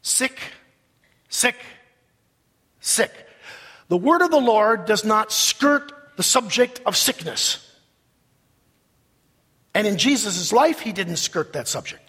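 Slow-preaching pastor in a reverberant hall. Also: male voice, high-pitched, very animated, a bit bright, slightly rough. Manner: preaching with slow repeated emphasis, leading the congregation in repetition. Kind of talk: sermon. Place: church sanctuary. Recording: long reverb of a large hall.

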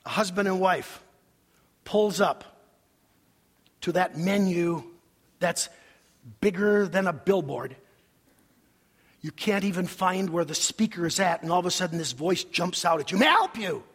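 Male pastor, husky, high-voiced, sermon in a reverberant church. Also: a little slow, pauses often. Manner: animated preaching with acted-out quotes. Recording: long hall reverb.

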